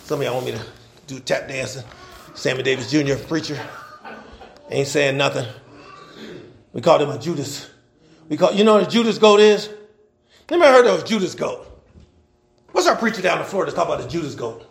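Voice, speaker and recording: A man's voice: on the high side, expressive, a little fast, vocal fry, pauses often. A man preaching a sermon, fervent and calling out to the congregation, stretching out scripture readings and breaking into chuckling asides.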